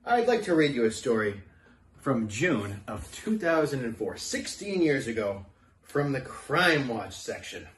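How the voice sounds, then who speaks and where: A male host reading aloud in a comic show, dropping deadpan asides. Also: mid-range voice, measured pace, distant mic, slight background noise. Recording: roomy echo.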